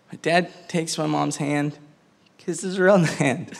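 A man's voice: a little high, normal speed, vocal fry. A man doing stand-up, chatty and telling a family story while laughing through his own punchlines. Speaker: stand-up comedian.

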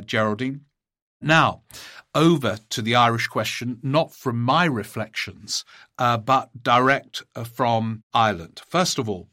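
A man hosting a political talk show, giving measured commentary and reading out listener emails, with frequent small pauses. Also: medium pitch, a bit bright. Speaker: podcast host.

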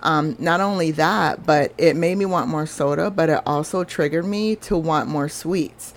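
Speaking a little slowly in a low voice, this woman hosts a podcast and shares a personal story. Her manner is chatty, earnest and confessional.

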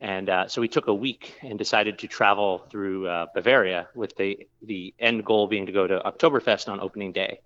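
A man's voice: lowish voice, fairly even intonation, a little fast, hardly any pauses, fairly bright tone, dull audio. A man who works as a brewer, telling a long story in a casual interview, rambling with lots of fillers and restarts.

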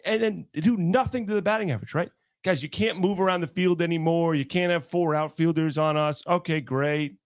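A man co-hosts a sports talk podcast, ranting with sarcasm and animation. His voice sits high. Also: fairly quick.

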